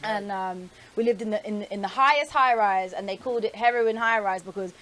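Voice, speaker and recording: A young woman from North London with a London accent, chatting candidly as a radio guest, animated and swearing freely. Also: mid-range voice, brisk, crowd noise. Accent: London English. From North London, England. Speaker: guest performer. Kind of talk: casual interview chat.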